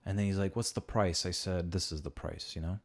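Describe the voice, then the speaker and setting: A young man with a very low voice hosts a casual podcast. He rambles through stories, swears freely and acts out what other people said. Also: steady tone, fast, gravelly. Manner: rambling storyteller, swearing, acting out quotes. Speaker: podcast host.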